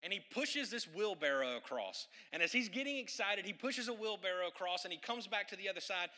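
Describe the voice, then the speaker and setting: A man with a strikingly bright, forceful voice delivers a sermon. He tells his story in an animated way and slips in playful, joking asides. His pitch sits a little higher than most men's. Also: brisk. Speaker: preacher.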